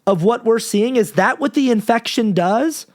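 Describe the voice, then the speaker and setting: A man's voice: extremely high pitch, expressive, normal speed, a little mellow. A man hosting a podcast, delivering an impassioned, profane monologue with frequent restarts. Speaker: podcast host.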